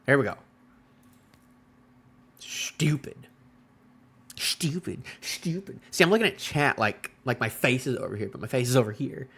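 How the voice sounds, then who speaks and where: A man's voice: mid-range voice, fast, creaky, few pauses. A man rambling through a casual live-stream reaction to a manga chapter and talking to his chat. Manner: animated, rambling, talks to chat.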